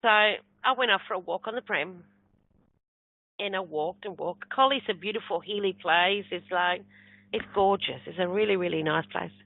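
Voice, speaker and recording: A woman speaking as a spiritual medium, telling a personal story in a lively way and acting out the voices of people she quotes. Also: lowish voice, normal speed, creaky, dry recording. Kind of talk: storytelling talk. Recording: tinny phone-like sound.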